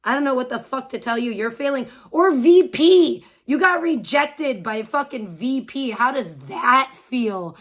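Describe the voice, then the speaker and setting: A woman's voice: a little high, moderate pace, few pauses, bright, forceful tone. A woman live streamer ranting crudely, hurling insults and rambling on. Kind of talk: profane livestream rant.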